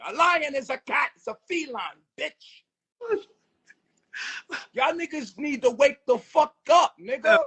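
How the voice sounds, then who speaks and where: A man in a crude live chat, ranting loudly and erratically, breaking into sudden shouts. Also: very high voice, lively intonation, unhurried, pauses often. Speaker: streamer.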